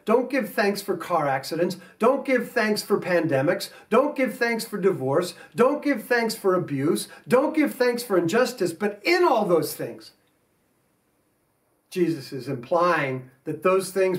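A man with an American accent preaching a sermon as pastor, earnest, with slow emphatic stresses. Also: high-pitched, recorded from a distance. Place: church sanctuary.

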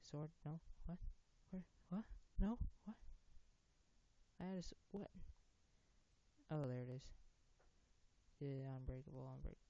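A casual let's-play host who rambles, cuts off their own sentences and gets excited in tense moments. The voice has a gravelly fry and a warm, dark tone. It comes through a dull, lo-fi home mic. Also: mid-range voice, unhurried, pauses often. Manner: rambling, self-interrupting, easily excited. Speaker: gaming video host.

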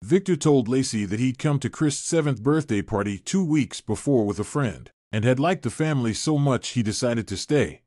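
A man's voice: medium pitch, lively intonation, normal speed, hardly any pauses, dark tone, dry recording. Man narrating a story, dry close sound.

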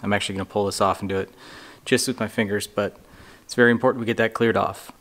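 A man hosting a hands-on repair tutorial, walking through each step in a relaxed way with dry, sarcastic asides. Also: on the low side, fast talker. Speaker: DIY motorcycle repair tutorial host. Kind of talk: casual how-to walkthrough.

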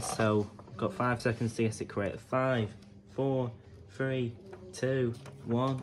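A man's voice: medium pitch, steady tone, takes it slowly. A man hosting a vlog, chatting casually as he counts down a guessing game for viewers. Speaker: vlog host.

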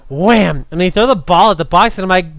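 A man hosting a podcast, telling convention stories in an animated, chatty way with lots of fillers and laughter. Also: sits high, brisk, no echo. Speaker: podcast host. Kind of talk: casual storytelling chat.

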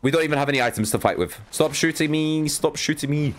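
A young man giving excitable live commentary on his own video game play, talking to his viewers and breaking into exasperated outbursts. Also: fairly high pitch, quick pace. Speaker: gaming YouTuber.

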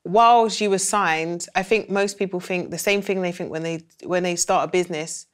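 A woman's voice: lowish voice, steady tone, normal speed. A woman interviewing a guest casually, asking long conversational questions.

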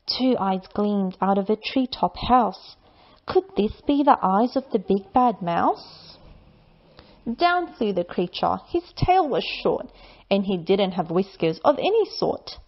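A woman reading a rhyming children's bedtime story aloud in a slow, lilting, expressive way. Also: medium pitch, lo-fi sound.

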